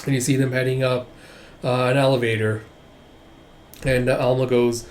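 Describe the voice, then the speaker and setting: Guy on his channel going through a comic, mid pitch, lots of uhs, super casual. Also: flat delivery, normal speed, long pauses, darkish tone. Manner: rambling, with many "uh" fillers. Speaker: YouTuber reading a manga. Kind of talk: casual reaction commentary.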